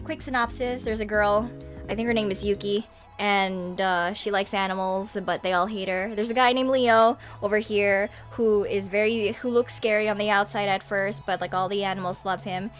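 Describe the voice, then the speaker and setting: A young adult woman telling a story in casual vlog style into a webcam mic, chatty and animated, with frequent laughs and sighs. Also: mid-range voice, normal speed, soft background music. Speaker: vlogger. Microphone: webcam microphone.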